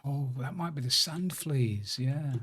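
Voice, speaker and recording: A man's voice: mid-range voice, expressive, a little slow, fairly bright tone, slight background noise. A man chatting casually and joking at his own expense while he streams a video game. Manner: chatty, self-deprecating banter. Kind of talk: casual live-stream commentary while gaming.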